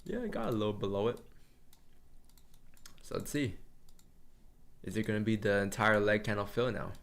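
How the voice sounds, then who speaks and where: Man, low voice, gravelly fry, loose livestream chat, trading host. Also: lively intonation, moderate pace, a bit bright. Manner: loose, chatty, reads and answers chat.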